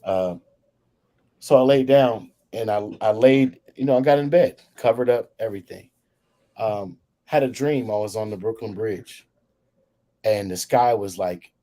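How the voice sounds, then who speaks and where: A man on a podcast telling a long personal story in a casual, animated way, acting out what others said. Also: lowish voice. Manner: animated storyteller, acts out quoted voices. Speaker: podcast co-host. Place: podcast studio.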